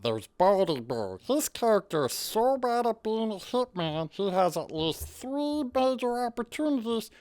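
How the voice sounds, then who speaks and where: A woman's voice: medium pitch, sing-song, unhurried, hardly any pauses, a little mellow. Sarcastic, swearing woman movie reviewer. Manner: mocking, profane, sarcastic. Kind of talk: sarcastic comedic review narration.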